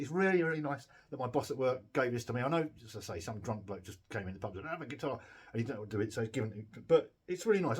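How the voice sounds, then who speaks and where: A husky, medium-pitched man works on a cheap guitar for his repair vlog, with guitar playing in the background. Tired and a little giddy, he rambles casually, swears and mocks himself.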